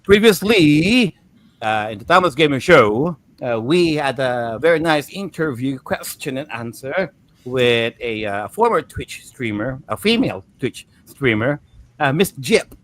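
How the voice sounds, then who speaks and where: A man hosting a casual gaming livestream, introducing the panel in a relaxed way with lots of fillers and small laughs. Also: mid-range voice, a little slow. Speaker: podcast host.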